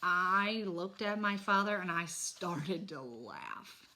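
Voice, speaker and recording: Bright, animated woman reading a children's book. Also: lowish voice, slow. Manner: expressive, animated storytelling. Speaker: reader. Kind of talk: reading a children's novel aloud.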